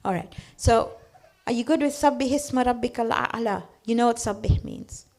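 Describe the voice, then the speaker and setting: High-voiced woman teaching children. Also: normal speed. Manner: animated storytelling, acts out voices, asks checking questions. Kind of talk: classroom teaching with storytelling.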